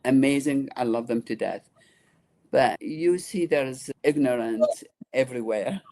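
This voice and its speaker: Iraqi woman in her sixties, halting and earnest. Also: rumbling low, warm tone. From Iraq. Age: 60s. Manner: halting, earnest, restarts often. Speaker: guest, nonprofit founder. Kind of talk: interview conversation.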